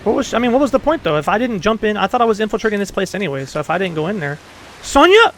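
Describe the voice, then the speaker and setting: A man hosting a casual let's play, excitable, cursing and hooting at the game. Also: high-pitched, rapid-fire, slight background noise. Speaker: gaming channel host.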